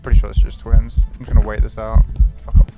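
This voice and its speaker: A man's voice: on the low side, little pitch movement, quick pace, highs cut off, over loud music. A man streaming a game live, commenting animatedly, swearing and greeting his chat.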